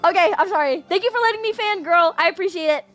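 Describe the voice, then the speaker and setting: A woman's voice: very high voice, fast talker, music in the background. A young woman reacting to a game for her channel, gushing, squealing and apologizing as she fangirls. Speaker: gaming video creator. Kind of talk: excited game reaction commentary.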